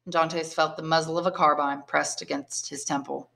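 A woman, an English teacher, reading a classic novel aloud in clear, measured narration. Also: deep voice, flat delivery, fairly bright tone. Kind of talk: audiobook reading.

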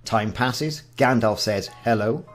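A man's voice: fairly low pitch, lively intonation, unhurried, soft background music. A man in his forties hosting a casual game walkthrough, reading the game's text aloud with wry asides. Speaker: gaming channel host.

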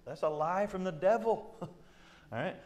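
A man's voice: sits high, normal speed. Man pastor leading a casual Bible study. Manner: conversational, frequent fillers and repeats, acts out quoted voices with laughs.

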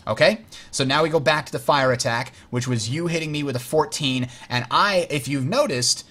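A man's voice: fairly high pitch, normal speed, pushed and bright. A man hosting a game tutorial, explaining rules step by step while playing, correcting himself with frequent fillers. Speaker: host teaching a board game.

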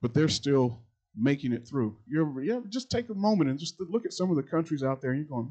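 A middle-aged man, a pastor, preaching a sermon that repeats its phrases and swings between loud and quiet passages. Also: on the high side, expressive, fast, highs cut off.

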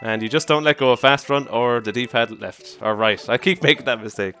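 A man giving casual commentary over his own gameplay, excitable, often exclaiming and laughing at his mishaps. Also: mid-range voice, brisk, faint music behind. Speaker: let's play commentator.

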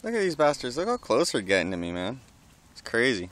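A man casually filming outdoors, talking excitedly to birds and swearing often. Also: medium pitch, fairly quick. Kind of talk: casual vlog narration.

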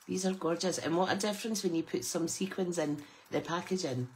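A woman's voice: fairly low pitch, fairly quick, hardly any pauses, a little mellow, a little hiss or hum, poor audio. A middle-aged woman, chatting casually and exclaiming with delight as she unboxes craft gifts. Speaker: craft channel host.

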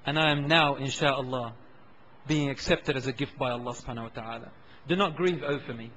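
A male preacher voicing a dying young warrior who speaks softly and tenderly to his uncle. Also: fairly high pitch, expressive, moderate pace, a little hiss or hum, pitched below the performer's own voice, poor audio. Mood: tender, calm. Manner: soft, hushed, tender.

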